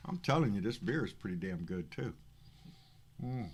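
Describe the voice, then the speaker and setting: A man's voice: on the low side, expressive, moderate pace, darkish tone, slightly rough. A man with a Texan accent hosting a casual political livestream, reading chat comments aloud. He rambles, swears freely and stammers over repeated words. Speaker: livestream host.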